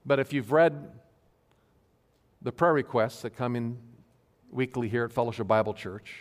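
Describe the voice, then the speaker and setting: A male pastor giving an earnest sermon to his congregation, stressing key phrases slowly. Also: medium pitch. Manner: earnest, emphatic preaching with slow stressed phrases. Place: church sanctuary. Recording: long hall reverb.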